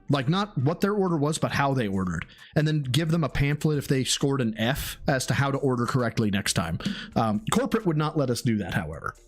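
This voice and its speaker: A man on a live stream, ranting sarcastically and swearing as he reacts to a food review. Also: mid-range voice. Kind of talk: casual live-stream commentary.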